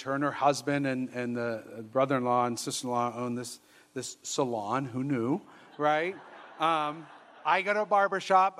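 Exuberant high-voiced priest telling stories. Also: male voice, a bit bright. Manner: exuberant and humorous, laughing as he tells stories; acts out quoted voices. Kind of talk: storytelling sermon.

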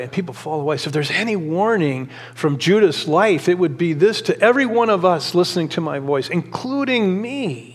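Brief: middle-aged man, passionate pastor, high voice, sermon in a hall with a long echo. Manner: passionate, rising to emphatic exhortation; conversational storytelling with many restarts.

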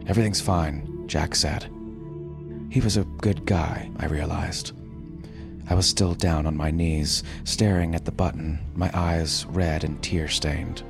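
A man reading a first-person story aloud in a measured, dramatic narrating voice. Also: a bass voice, fairly even intonation, gravelly. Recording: narration over background music.

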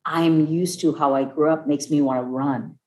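Low-voiced woman in her fifties, animated. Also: moderate pace. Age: 50s. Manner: animated, acts out other people's voices in her stories. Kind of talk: casual heartfelt conversation. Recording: echoey room.

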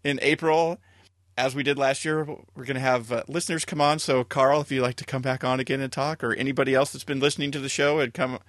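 A man's voice: mid-range voice, fairly even intonation, fast talker, a bit bright, dry recording, studio quality. A man hosting a podcast, rambling through casual wrap-up announcements with easy chuckles, speaking over a computer mic on a call. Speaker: podcast host.

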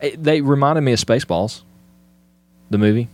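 A man's voice: mid-range voice, normal speed, a little mellow. A man co-hosting a casual Christian podcast, leading topics with many fillers and restarts. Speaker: podcast co-host.

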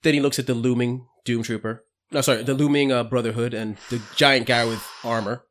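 A man in a middle register narrates a tabletop adventure as game master. His delivery is relaxed and easygoing, setting scenes for the players. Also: mid-range voice, a little fast.

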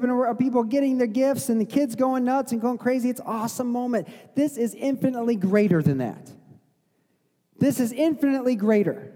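A man's voice: very high-pitched, dark tone, big-room sound. A middle-aged man preaching a conversational sermon as pastor, sometimes acting out the crowd's voices. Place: church sanctuary.

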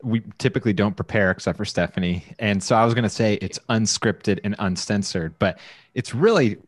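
A man co-hosting a casual group chat, explaining things in a relaxed, agreeable way. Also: lowish voice, fairly quick, no echo, clean studio sound. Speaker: podcast co-host.

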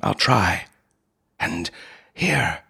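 A man's voice: sits low, expressive, very slow, gravelly, sharp tone, breathy edge, heavily acted. A man voicing a frightened young nephew who speaks in a raised, strained, pleading voice. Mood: anxious.

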